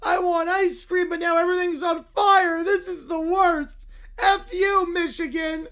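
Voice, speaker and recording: A man voicing a bratty young boy in a furious tantrum, whining, shouting and tearful as he reads a story in character. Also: very high-pitched, steady tone, a little slow, pitched above the performer's own voice, exaggerated voice. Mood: whiny tantrum. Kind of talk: reading an AI-written story in character.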